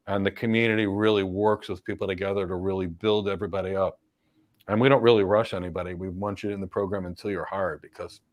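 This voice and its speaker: A middle-aged man with an American accent hosting a live Q&A and giving career advice in an emphatic way, full of rhetorical questions. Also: lowish voice. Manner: emphatic, rhetorical questions, repeats key points. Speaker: cloud career coach and host.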